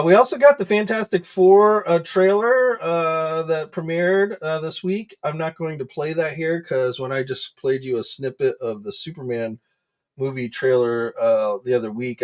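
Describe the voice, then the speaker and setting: A man hosting a casual livestream into his desk microphone. His pitch sits in the middle for a man, and he talks loosely, with frequent filler words and restarts. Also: darkish tone. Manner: chatty, many fillers, greets viewers by name. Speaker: host of an action figure news livestream.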